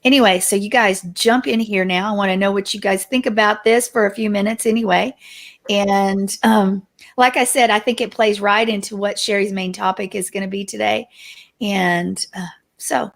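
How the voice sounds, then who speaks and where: A woman hosting a faith talk show, relaxed as she hands the floor to her guests. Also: medium pitch, normal speed, vocal fry. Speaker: host.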